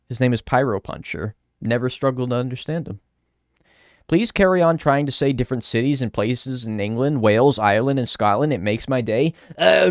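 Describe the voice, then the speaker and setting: Lively sarcastic streamer guy. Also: medium pitch, no room sound, studio quality. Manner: chatty, sarcastic, swears, reads chat aloud. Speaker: live streamer. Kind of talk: casual live-stream chat while gaming.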